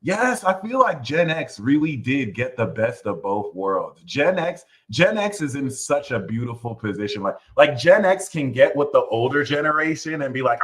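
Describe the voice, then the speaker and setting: A man with a fairly high voice rants about astrology in a loose, casual way. His pitch swings widely, and he drops into exaggerated high voices when he mocks others. He swears freely and talks like he is chatting with regulars. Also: a little slow, hardly any pauses, rough recording. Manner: animated, jumps into high mocking voices for quotes, swears. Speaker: astrology channel host. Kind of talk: casual livestream rant.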